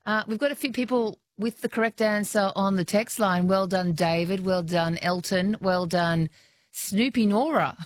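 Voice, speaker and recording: A woman's voice: medium pitch, normal speed, dry recording. Chatty Australian woman hosting radio. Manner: chatty, encouraging, laughs easily. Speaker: radio quiz host. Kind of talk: talkback radio quiz.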